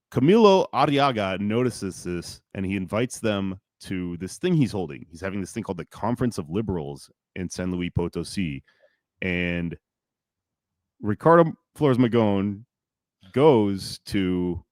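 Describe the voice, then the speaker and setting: A man hosting a podcast, telling a history story in a loose, profane, animated way and acting out shouted lines. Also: lowish voice, a little slow, no room sound, clean studio sound. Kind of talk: casual storytelling chat.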